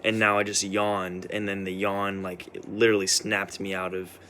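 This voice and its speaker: A young man with a fairly low voice talks to camera in a loose, halting vlog ramble. He is worn out from a sleepless night and keeps circling back with fillers and false starts. A faint hiss runs under the recording. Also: little pitch movement, pushed and bright. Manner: hesitant, full of restarts and "like". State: tired after staying up all night. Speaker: vlogger.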